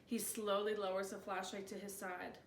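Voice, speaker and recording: A woman reading a novel aloud as host, with expressive, excitable asides to listeners. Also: mid-range voice, moderate pace. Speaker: reader, channel host. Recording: roomy distant mic, faint noise.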